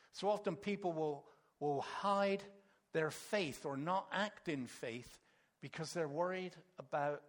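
A middle-aged man preaching a conversational sermon, acting out quoted voices as he goes. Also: a little high. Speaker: pastor.

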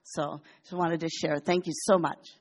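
An older woman sharing a personal testimony in a chatty, animated storytelling way. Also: low voice, normal speed, gravelly. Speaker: church member sharing a testimony.

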